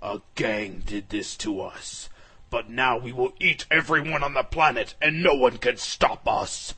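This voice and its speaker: A man voicing a pack of rebellious, man-eating rogue dragons in a slow, menacing drawl during a comic story reading. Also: medium pitch, sharp tone.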